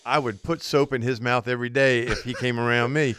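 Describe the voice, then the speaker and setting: A man co-hosting a fishing talk show, telling an animated story and laughing through it. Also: mid-range voice, fairly quick, smooth, no room sound. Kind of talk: casual storytelling chat.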